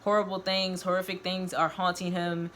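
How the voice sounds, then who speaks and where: A woman reading a first-person novel aloud, expressive and voicing each character. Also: fairly low pitch, moderate pace, a little hiss or hum. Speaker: reader of her own novel.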